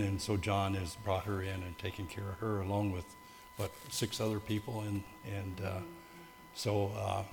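A man giving a missionary talk at church, hesitant and full of fillers. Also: on the low side. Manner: halting, with many fillers. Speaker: missionary co-speaker. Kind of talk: testimony talk to a church group. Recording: echoey hall with faint hum.

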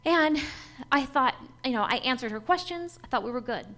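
A woman with a high voice delivers a personal testimony sermon to a church gathering. She speaks earnestly and with feeling, and light laughs break through her storytelling. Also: animated, moderate pace, a bit bright.

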